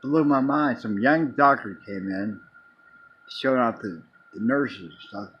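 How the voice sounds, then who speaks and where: A man's voice: medium pitch, a little slow, highs cut off, a little hiss or hum. A man casually telling a long personal story in a rambling way, restarting and repeating words as he goes. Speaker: vlogger.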